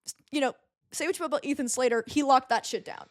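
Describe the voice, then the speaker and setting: A young woman co-hosting a comedy podcast, chatting loosely with quick asides and frequent laughter. Her voice sits on the higher side. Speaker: podcast co-host. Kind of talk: casual comedy podcast chat.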